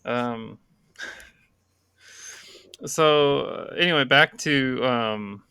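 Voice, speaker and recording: A man hosting a podcast, casually interviewing his guest and asking relaxed, curious follow-up questions. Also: mid-range voice, extremely slow, clear, resonant tone, no room sound, studio quality. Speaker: podcast host.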